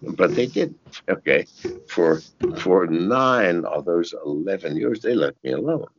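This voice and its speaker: An older man giving an interview, cursing freely and telling stories in an animated way, his voice jumping into sudden high shouts and laughs. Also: unhurried, lo-fi sound. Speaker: interview guest. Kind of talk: casual interview talk.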